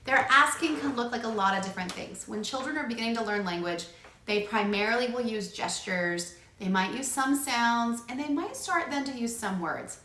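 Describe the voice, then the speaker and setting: A woman speech-language pathologist explaining to parents how to use puzzles in play, breaking into animated sing-song animal sounds as she models them. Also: on the high side, normal speed, reverberant, slight background noise. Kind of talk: demonstrating play strategies to parents.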